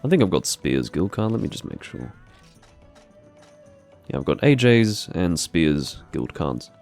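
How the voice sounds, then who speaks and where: A man with a very low, gravelly voice talks through a live game session in a loose, rambling way. He drifts into dry, self-deprecating asides. Faint game music runs quietly underneath. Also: sing-song, unhurried. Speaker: gaming streamer. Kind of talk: live gameplay commentary.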